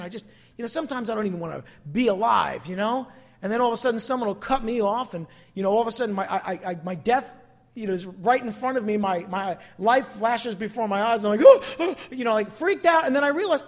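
Animated preacher teaching through a sermon. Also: mid-range voice. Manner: animated, acts out quotes with dramatic voices. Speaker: pastor.

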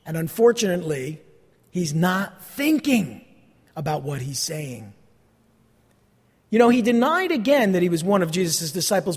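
A man with a New Jersey accent preaching a sermon, retelling a story with rhetorical questions and lively emphasis. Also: very high voice. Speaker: pastor. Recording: long hall reverb.

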